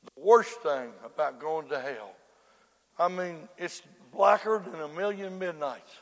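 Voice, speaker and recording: A man preaching a hellfire sermon, dropping to hushed murmurs and then breaking into fervent shouts. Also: on the high side, unhurried. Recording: long reverb of a large hall.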